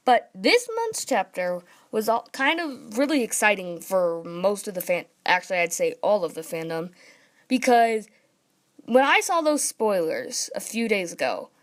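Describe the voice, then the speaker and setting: Young woman, casual chatty review, excitable, rambling, filler words, mid pitch. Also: unhurried. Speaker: manga reviewer.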